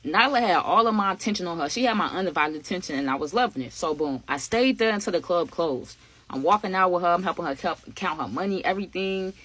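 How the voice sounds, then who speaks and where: A young woman telling a casual storytime to her viewers, slangy and animated, with an occasional stammer. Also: lowish voice, quick pace, no room sound. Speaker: vlogger.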